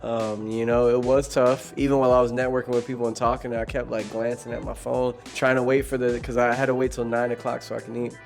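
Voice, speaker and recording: A man's voice: medium pitch, little pitch movement, fast talker, gravelly, hardly any pauses. A young man casually telling a story, laid-back and slangy, with light music behind. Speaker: vlogger.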